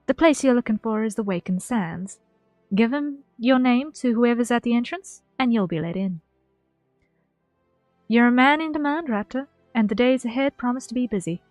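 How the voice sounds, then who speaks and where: A woman's voice: on the high side, dry recording, pitched above the performer's own voice, natural voice. A woman voicing a folksy female tavern keeper who guides adventurers, reading game dialogue aloud with a slight Southern twang and a teasing drawl.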